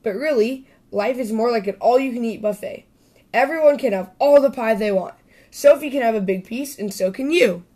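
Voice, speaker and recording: A woman voicing a gentle mother squirrel. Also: fairly high pitch, normal speed, natural voice. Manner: gentle, reassuring. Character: warm, patient mother squirrel.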